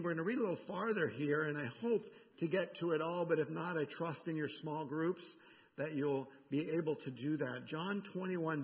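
A man pastor preaching a sermon in a conversational, animated way, often checking in with the congregation. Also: a little high. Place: church sanctuary. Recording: dull sound with long church reverb.

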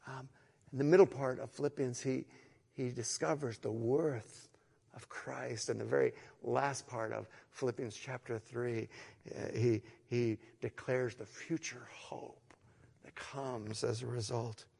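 A middle-aged man preaching a sermon to an online congregation in an earnest way, moving from hushed, slow phrases to emphatic, louder ones and repeating words as he goes. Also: mid-range voice, steady tone, gravelly, breathy edge, long reverb tail. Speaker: pastor.

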